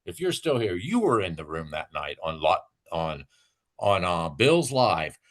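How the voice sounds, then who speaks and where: Low-voiced man ranting profanely. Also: sing-song, unhurried, a bit bright. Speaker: live stream host. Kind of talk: casual chat.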